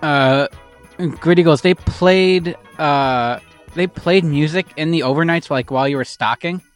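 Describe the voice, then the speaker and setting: Dry, halting podcast co-host man. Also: on the high side, soft background music. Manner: halting, restarts sentences, dry asides. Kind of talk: casual podcast chat.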